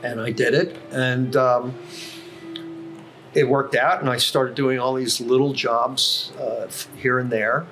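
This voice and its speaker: Taking his time, an older man tells long career stories in a medium-pitched, steady and slightly bright voice. He's a podcast guest in a coffee house with music playing, speaking casually with many fillers and self-corrections.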